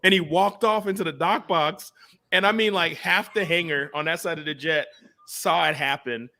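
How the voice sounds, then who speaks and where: Animated, laughing man telling stories. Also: fairly high pitch, moderate pace. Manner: animated storyteller, laughs often, swears. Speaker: podcast host. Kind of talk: casual chat.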